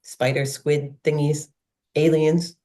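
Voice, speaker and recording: A woman's voice: low voice, flat delivery, slow pace, mellow. A woman co-hosting a casual film discussion, enthusiastically retelling scenes. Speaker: podcast co-host.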